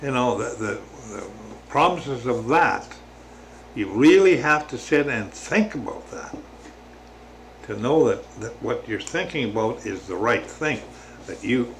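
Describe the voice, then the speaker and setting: Older-sounding gravelly guy, slow and halting, faint hiss behind him. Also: mid-range voice. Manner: slow, halting, with many restarts and fillers. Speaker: religious vlogger. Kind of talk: casual spiritual reflection to camera.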